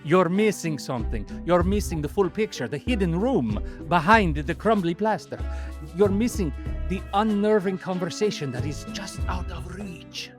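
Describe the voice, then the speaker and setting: A man doing a hushed, dramatic horror-promo narration in a mock Italian accent over music. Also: high voice, lively intonation, moderate pace, pitched above the performer's own voice. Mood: teasing. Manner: hushed, dramatic, suspenseful delivery. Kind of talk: comic ad read.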